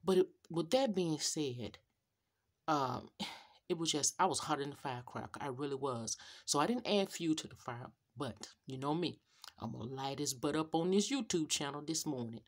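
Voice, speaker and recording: A middle-aged woman, a rideshare driver, telling a story to her viewers in an animated, sassy rant. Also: low voice, normal speed. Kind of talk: casual storytelling rant to camera.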